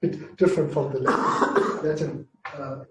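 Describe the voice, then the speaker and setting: Halting male lecturer in a roomy space. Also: a little high, steady tone, noisy background. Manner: halting, repeats words while explaining. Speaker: Greek lecturer. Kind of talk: university class discussion. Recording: roomy, distant mic.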